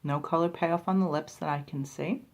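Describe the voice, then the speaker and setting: Speaking at normal speed in a low, steady voice, this woman tests and reviews lip balms for her beauty vlog. She's chatty and self-deprecating, talking her thoughts through to camera.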